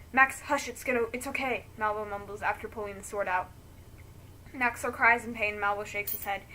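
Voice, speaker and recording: Bright-voiced woman reading a story aloud. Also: mid-range voice, a little hiss or hum. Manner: emotional, breaks off to react. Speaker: reader reacting to a friend's story.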